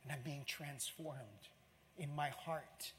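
A man preaching a sermon as pastor, exclamatory and animated, swinging between loud outbursts and hushed asides. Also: a little high, slow, slight background noise. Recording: long hall reverb, faint room ambience.

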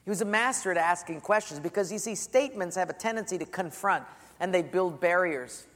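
Man, pastor, sermon, storytelling, slightly high voice, long hall reverb. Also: a little fast. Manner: storytelling, drops to a soft hush for quotes.

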